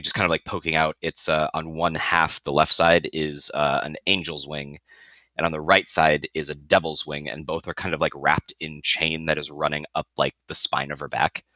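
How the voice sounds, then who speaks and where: A man playing in a tabletop game, describing his character haltingly with many fillers. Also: extremely low pitch, pushed and bright, no echo, dull audio. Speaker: player.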